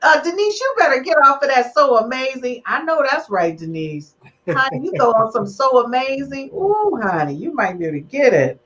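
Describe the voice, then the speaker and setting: A woman hosting a relationship podcast in lively, teasing, emotional chat with her guests. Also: sits high, fairly quick, lo-fi sound. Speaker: podcast host.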